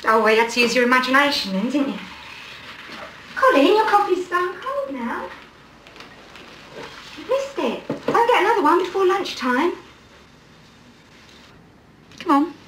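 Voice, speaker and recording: Middle-aged woman, would-be posh, chirpy and coaxing; high, lively voice. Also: unhurried, long pauses, background noise. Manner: chirpy, coaxing, sing-song. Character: prim chatty middle-aged woman trying to sound posh. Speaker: employer. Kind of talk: 1980s film drama acting.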